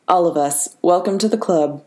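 A woman voicing a guilt-ridden young woman with powers who speaks flatly and bitterly in an audiobook reading. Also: on the low side, normal speed, lightly acted. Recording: roomy reverberant room.

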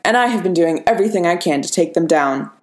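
A woman's voice: fairly low pitch, animated, fast talker, natural voice. A woman voicing a brash middle-aged male inventor who talks sarcastically and dismissively. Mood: sarcastic. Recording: echoey room.

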